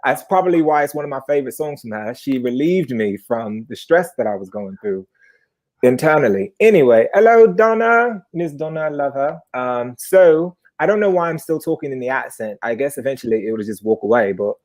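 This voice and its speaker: A man in his twenties telling a personal story live, chatty and animated, with sudden high-pitched bursts. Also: a little fast.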